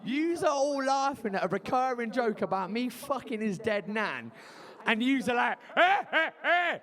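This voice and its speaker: Male comedy compere, high and very animated, shouts at the crowd, crude jokes. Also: moderate pace. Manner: loud, crude banter with crowd. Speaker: comedy night host. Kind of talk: stand-up compering. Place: student bar venue.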